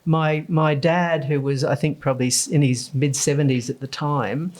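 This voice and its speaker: A woman in her sixties with an Australian accent, a podcast guest telling her story with lively acted-out quotes. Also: low-pitched, normal speed. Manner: animated storyteller, acts out quoted lines.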